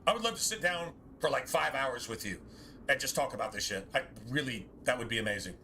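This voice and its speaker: Man, game streamer, bright forceful voice, faint background noise, rambling casual chat, self-correcting. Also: medium pitch, expressive, brisk, creaky.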